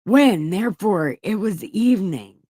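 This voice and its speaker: A woman's voice: medium pitch, animated, unhurried, mellow, breathy edge, dry recording. A woman hosting an online show, reading scripture aloud with irreverent comic asides and casual swearing. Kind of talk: comedic Bible reading.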